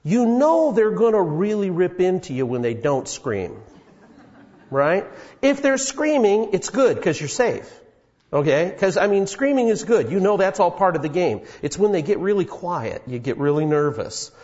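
Brief: man in his fifties preaching a sermon in an echoey church hall, folksy storytelling, slightly high voice. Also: sing-song, normal speed, a little mellow. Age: 50s. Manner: folksy storytelling with many fillers. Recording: dull sound in an echoey hall.

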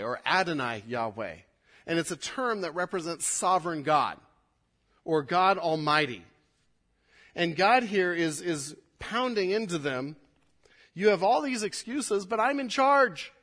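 A male pastor teaching a sermon through scripture, starting over on words and swinging from emphatic to soft. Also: a little high. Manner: expository, with repeated restarts, rising emphatic then dropping quiet.

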